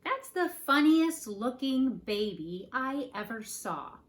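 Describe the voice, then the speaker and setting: A woman's voice: sits high, sing-song, slow, exaggerated voice. A woman voicing a worried, doubtful mother bird in a children's storybook.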